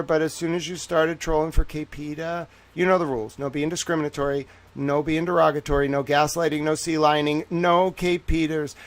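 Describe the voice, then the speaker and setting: A man's voice: a little high, steady tone, brisk, few pauses, no echo. A man hosting a casual livestream, speaking in a put-on Southern drawl, playful, teasing and boastful. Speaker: livestream host.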